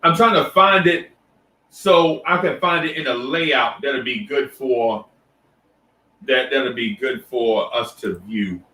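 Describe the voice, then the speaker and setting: A man's voice: medium pitch, takes it slowly, distant mic. A man hosting a casual live stream, greeting viewers one by one and talking loosely with many restarts. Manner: loose, repetitive shout-outs with restarts and fillers. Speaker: livestream host. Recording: echoey room, voice set back from the mic.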